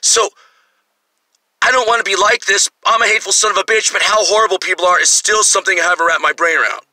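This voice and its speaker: Sharp-voiced man in his fifties ranting. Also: high voice, fast talker, no room sound, low-quality recording. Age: 50s. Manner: angry, profane, rambling. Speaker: vlogger. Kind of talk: ranting monologue.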